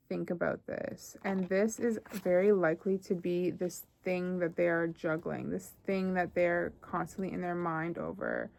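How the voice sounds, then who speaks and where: A woman's voice: fairly low pitch, creaky, darkish tone. A young woman giving a casual tarot reading, chatty and thinking aloud with frequent fillers. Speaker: tarot reader.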